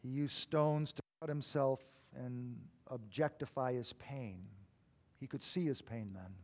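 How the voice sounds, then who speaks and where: A middle-aged man preaching a sermon, swinging between loud emphatic bursts and quiet, low asides as he tells stories. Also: a little slow. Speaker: pastor.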